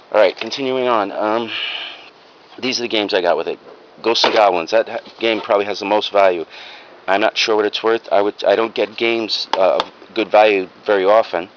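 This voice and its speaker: A man casually showing off his secondhand finds in a video, rambling and frank, with plenty of ums and uhs. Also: on the low side. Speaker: reseller vlogger. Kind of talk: casual show-and-tell haul video. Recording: lo-fi home video with clear background noise.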